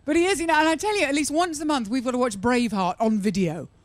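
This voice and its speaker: A woman's voice: high-pitched, fast, a little hiss or hum. A woman performing a stand-up comedy set at a live venue, chatty and sarcastic, teasing the crowd.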